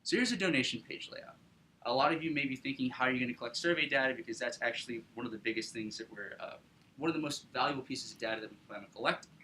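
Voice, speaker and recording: A young man casually pitching his startup to an audience, upbeat, with lots of fillers and tag questions. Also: fast talker, sharp tone, a little hiss or hum, poor audio. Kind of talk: business pitch presentation.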